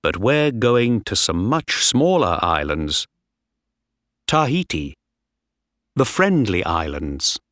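A man doing a calm, weary young officer. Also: on the low side, slow, long pauses, no echo, studio quality, heavily acted. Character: tall, weary young male ship's officer.

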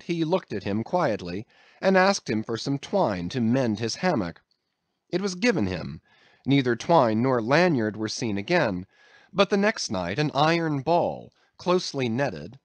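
A man's voice: mid-range voice, no echo. A man narrating an audiobook with a dramatic storytelling delivery. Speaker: audiobook reader. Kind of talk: scripted narration.

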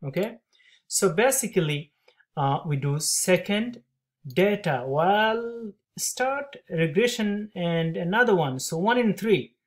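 Loud teacher with a classroom voice. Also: mid-range voice, animated, slow. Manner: upbeat, talks steps aloud. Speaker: math teacher. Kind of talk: calculator tutorial walkthrough.

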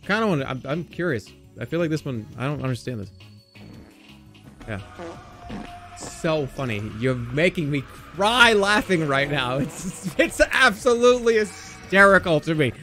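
A man commentating on games live, excitable and often breaking into laughter or shouting. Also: fairly high pitch, unhurried, soft background music. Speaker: streamer. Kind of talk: live game-stream commentary.

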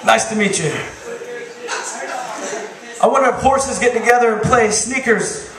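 A man doing a stand-up comedy set of profane deadpan one-liners in a bar. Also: very high voice, unhurried. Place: bar stage with crowd. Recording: roomy distant bar recording with crowd. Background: audience laughter.

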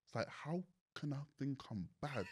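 Animated London man telling stories. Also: mid-range voice, a little slow, husky. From England. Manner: animated storyteller, laughs often. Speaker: guest. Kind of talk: casual interview chat.

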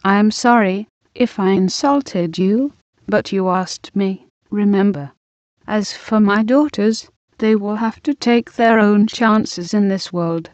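A woman voicing a defiant, bitter young wife, reading slowly and evenly in a dull, dry recording. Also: medium pitch, a little mellow, no room sound, natural voice.

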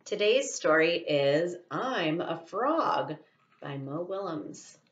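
A woman teacher reading a picture book aloud for children in a gentle, friendly storytime tone. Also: lowish voice, big pitch swings, slow pace, roomy sound, highs cut off.

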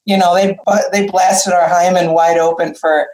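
A woman's voice: on the low side, normal speed. Effusive, rambling woman guest in a roomy room. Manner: animated storyteller, rambling and effusive. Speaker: guest musician. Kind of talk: casual interview chat. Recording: roomy echoey room sound.

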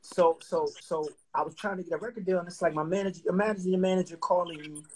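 Middle-aged dude from jersey, kinda husky, acts out quotes w/ slang. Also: male voice, high-pitched, steady tone, fast talker, a little mellow, low-quality recording. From New Jersey. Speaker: singer-songwriter guest. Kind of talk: casual storytelling interview.

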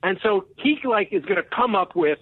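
A man telling a rambling, excitable story as a comedian guest on a casual podcast, often laughing. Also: sits high, moderate pace, slightly rough, no echo. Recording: tinny phone line.

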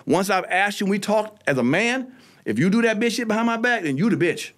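Fast-talking profane male comedian. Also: high voice. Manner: profane, animated storytelling with voiced quotes. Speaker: comedian guest. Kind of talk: casual storytelling on a podcast.

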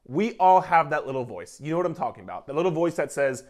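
A fitness coach talks to camera about weight loss in an emphatic, repetitive pep-talk, casual and occasionally swearing. His fairly high, darkish voice is very animated and fast.

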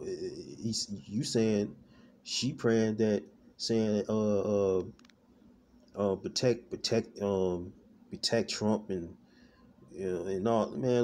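Slight background noise sits under this man's fairly low, somewhat mellow voice. Preaching an informal sermon online in a street style, he repeats himself loosely, leans on "man" and "all right," and frequently halts and starts over as he gropes for words.

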